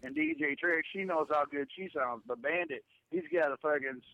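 A brash co-host with a gravelly, rather high voice that swings up and down as he talks. His sound is thin and phone-like, dry and close. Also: sing-song, moderate pace, dry recording. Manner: brash, profane banter.

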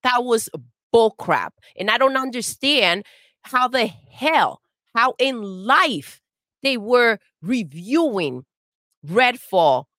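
A woman co-host tears into a gaming topic in a fired-up, profane rant, hammering the same jabs over and over. Her voice sits fairly high, and the sound is dry and close. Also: expressive, slow pace, sharp tone, dry recording. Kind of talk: heated gaming rant, casual chat.

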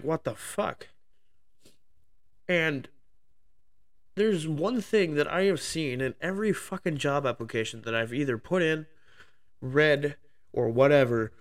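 A man hosting his own podcast, ranting heatedly about a topic into the microphone, swearing constantly. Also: mid-range voice. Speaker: podcast host. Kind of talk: solo profane rant podcast.

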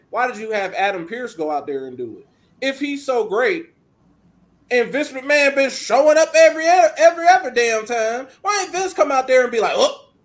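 Man, very high voice, animated podcast chat, acts out quotes. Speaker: podcast co-host. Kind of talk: casual wrestling chat.

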